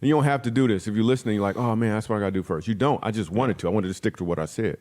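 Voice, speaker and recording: Brief: male comedian guest on a podcast, rapid-fire storyteller with a lowish voice, jumps into quick character voices. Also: darkish tone. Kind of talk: comic storytelling in a podcast interview.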